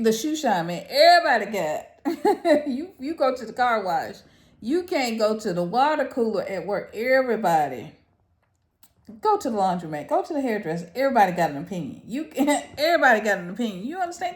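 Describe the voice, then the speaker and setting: A woman talks straight to camera in a casual, incredulous rant, breaking into laughter between phrases. Her voice sits high and swings widely, and she draws her words out slowly. The room around her is noticeably echoey. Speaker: vlogger.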